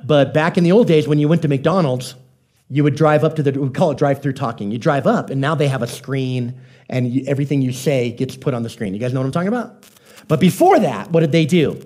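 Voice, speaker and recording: A man's voice: mid-range voice, fast talker, mellow. A man preaching a sermon in a conversational, joking storytelling way, often asking the congregation questions. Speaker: pastor.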